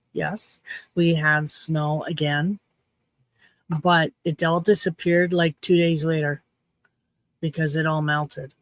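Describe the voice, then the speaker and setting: Deep-voiced and in her fifties, this Canadian livestream host jokes around with her viewers in a casual, cheeky, playful way. The recording is dry.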